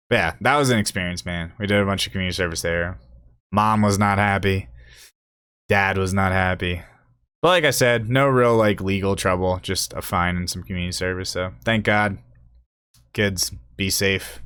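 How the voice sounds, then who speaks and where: A man's voice: sits low, steady tone, moderate pace, pauses often, a bit bright, clear, resonant tone, no echo, clean studio sound. A young man hosting a podcast, telling a rambling, profane story and laughing at his own jokes. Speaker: podcast host. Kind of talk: casual storytelling.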